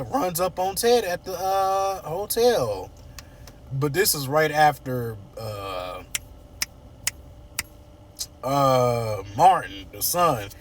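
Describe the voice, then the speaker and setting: A man's voice: fairly high pitch, recorded from a distance, slight background noise. A man casually recapping a soap opera episode, playfully acting out the characters' lines and joking.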